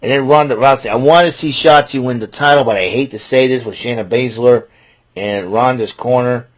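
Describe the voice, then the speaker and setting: A man's voice: medium pitch, a little fast. A man hosting his own wrestling show, recapping matches and giving picks in a rambling, chatty way. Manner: rambling, chatty, restarts and fillers. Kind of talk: casual solo recap and predictions.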